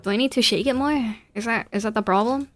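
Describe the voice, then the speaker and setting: A woman's voice: fairly high pitch, fast, a bit bright. A young woman giving casual, giggly gameplay commentary with a playful, self-mocking manner. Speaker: streamer.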